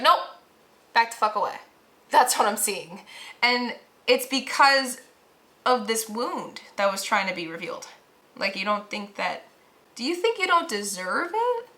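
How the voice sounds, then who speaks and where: A woman's voice: on the high side, bright, forceful tone. A woman giving a pick-a-pile tarot reading to her viewers, talking in a casual, earnest way with slang and emphatic encouragement. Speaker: tarot reader.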